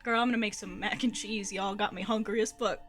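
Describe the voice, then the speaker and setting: A woman's voice: medium pitch, steady tone, a little fast, faint music behind. A woman from Ohio, streaming a game and chatting casually with her viewers, giggling often and swearing casually. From Ohio, USA. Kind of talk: casual live-stream chat while gaming.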